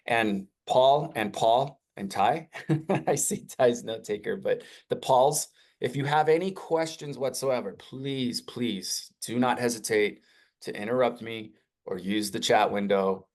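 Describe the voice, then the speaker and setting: A man presenting a live webinar software demo in an energetic, conversational sales style. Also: measured pace. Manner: energetic, conversational salesy pitch with rising emphasis.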